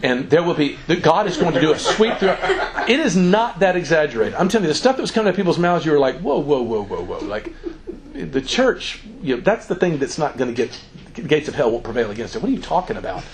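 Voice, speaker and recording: Animated man giving a joking talk. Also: on the high side, quick pace, crowd noise. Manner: animated, joking, acts out quotes. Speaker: campus minister. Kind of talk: informal talk to students.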